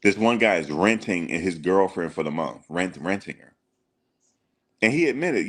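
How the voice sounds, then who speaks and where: A man's voice: deep voice, big pitch swings, measured pace, a bit bright, slightly rough. A man giving casual reaction commentary as an online host, emphatic and slangy and full of rhetorical questions.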